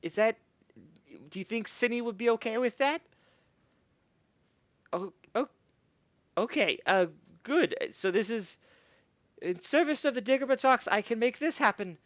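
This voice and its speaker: A man's voice: extremely high pitch, expressive, a little slow, long pauses, fairly bright tone, no echo, muffled recording, pitched above the performer's own voice, full character voice. A man voicing a stout, flustered female gnome smith who stammers and repeats her words, in a tabletop game.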